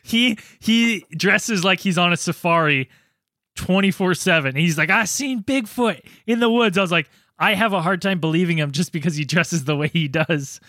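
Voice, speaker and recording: A man's voice: a little high, normal speed, sharp tone, no room sound, clean studio sound. A man co-hosting a podcast, bantering loosely with jokes and swearing. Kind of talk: casual banter.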